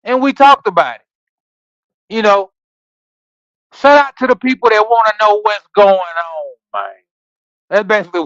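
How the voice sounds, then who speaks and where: A man's voice: sits high, a bit bright, no echo, lo-fi sound. A man hosting a livestreamed Bible study, reading scripture aloud and then riffing on it in a casual, preachy way while quizzing his listeners. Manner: casual slangy asides between readings. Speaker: scripture study podcast host. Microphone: streaming setup.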